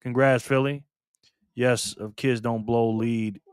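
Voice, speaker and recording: A man's voice: medium pitch, fairly even intonation, slow pace, clean tone. A man hosting a casual live stream, chatting loosely with viewers by name and repeating himself.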